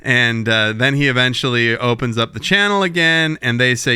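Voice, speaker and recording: Animated, swearing young-sounding man. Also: mid-range voice, normal speed, clear, resonant tone, dry recording, clean studio sound. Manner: animated, profane, acts out quotes. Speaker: podcast co-host. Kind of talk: casual chat recapping a TV episode.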